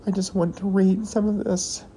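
A woman hosting a podcast, talking in a rambling, halting personal monologue while tearful and emotional. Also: medium pitch, flat delivery, mellow, slight background noise, low-quality recording. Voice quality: halting, hesitant delivery with pauses. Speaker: podcast host.

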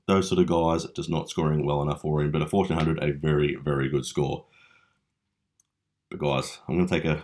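A man's voice: extremely low pitch, darkish tone. A young Australian man hosting a casual fantasy league recap, chatty and teasing with mock-dramatic flair. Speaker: fantasy league podcast host.

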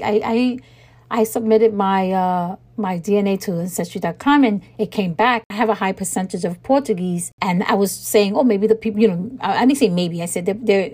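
A woman hosting a podcast, telling stories in a chatty, animated way and acting out conversations with exasperated emphasis and frequent laughter. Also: mid-range voice. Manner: laughs often while talking. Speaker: podcast host. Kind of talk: casual storytelling chat.

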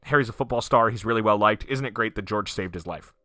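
A man co-hosting a podcast, chatting casually about an old film and retelling its plot with quick joking asides. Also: fairly low pitch, sharp tone, no room sound, clean studio sound. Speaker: podcast co-host.

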